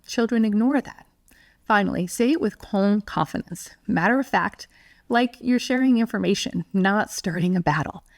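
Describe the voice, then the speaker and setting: Calm, clear woman teaching parents. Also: mid-range voice, moderate pace, no echo, studio quality. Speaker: parenting educator. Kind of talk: scripted teaching monologue.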